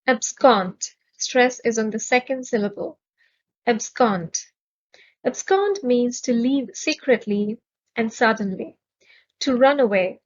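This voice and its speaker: A woman teaching English vocabulary in a measured, clearly enunciated way, stressing each syllable. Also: fairly high pitch, lo-fi sound. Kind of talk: slow, careful vocabulary lesson.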